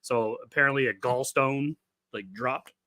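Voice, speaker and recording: A man's voice: mid-range voice, measured pace, sharp tone, dry recording. A man co-hosting a casual sports podcast, ranting indignantly and swearing freely. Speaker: podcast co-host.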